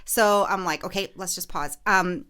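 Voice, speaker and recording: A woman's voice: on the low side, moderate pace, bright, forceful tone, clean tone. A woman podcast host and realtor telling a story in casual chat, full of fillers and restarts. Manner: chatty, lots of fillers and restarts.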